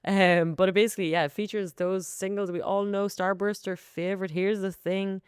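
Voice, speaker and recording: A woman co-hosting a music podcast, chatting casually in quick bursts. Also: mid-range voice, little pitch movement, clean tone, no room sound, studio quality. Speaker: podcast co-host. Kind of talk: casual chat about music.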